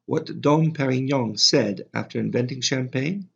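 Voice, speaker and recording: Guy putting on a tall young dutch waiter, theatrical, dutch accent, gravelly underneath. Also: medium pitch, a little slow, fairly bright tone, voice pushed up, exaggerated voice. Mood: showy. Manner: showy, theatrical delivery. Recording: slightly dull lo-fi audio.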